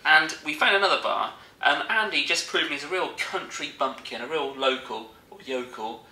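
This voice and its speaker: A man's voice: a little high, lively intonation, normal speed, bright, forceful tone, roomy sound, rough recording. A young man, telling a rambling, jokey story as a vlogger in casual chat.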